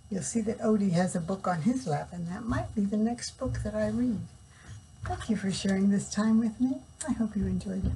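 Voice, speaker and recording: An older woman and grandmother reading a picture book aloud, gently stopping to explain words for children. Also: medium pitch, normal speed, a little hiss or hum, low-quality recording. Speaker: storyteller.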